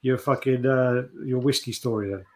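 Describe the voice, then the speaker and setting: A man's voice: mid-range voice, steady tone, moderate pace. Swearing man telling a story. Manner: swears often, acts out quoted voices. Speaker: show co-host. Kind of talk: casual storytelling chat.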